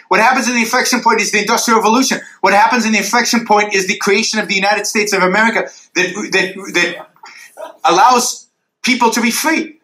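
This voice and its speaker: A man's voice: high voice, fairly even intonation, brisk, sharp tone, echoey room, rough recording. A man answering audience questions after a university lecture, arguing emphatically and sketching graphs in the air.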